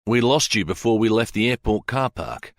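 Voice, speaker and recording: A man voicing Ether, a brisk, commanding federal agent, in an audiobook. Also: lowish voice, lively intonation, no room sound, studio quality.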